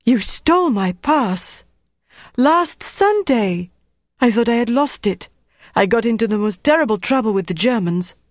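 A woman's voice: animated, measured pace, no echo, clean studio sound. Narrator doing a panicky middle-aged woman. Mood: panicked. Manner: high, shaky, moaning pleas. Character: panicky middle-aged Frenchwoman, frightened and shaky. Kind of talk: audiobook character voice.

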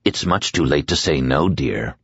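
A man voicing a sinister, mocking dark man who speaks slowly in a low, menacing hush, in an audiobook. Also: lively intonation, creaky, breathy edge, no room sound, lo-fi sound, full character voice. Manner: slow, hushed, menacing.

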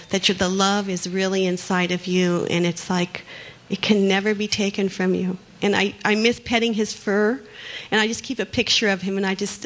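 A woman sharing a personal story with a group in an earnest, halting way while tearful. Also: medium pitch. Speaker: workshop participant.

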